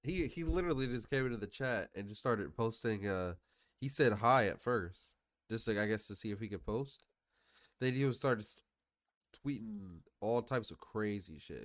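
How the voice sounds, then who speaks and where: A man's voice: on the low side, lively intonation, moderate pace, no echo, studio quality. A man co-hosting a podcast in casual chat, telling stories loosely and cursing freely. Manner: loose, profane storytelling. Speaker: podcast co-host.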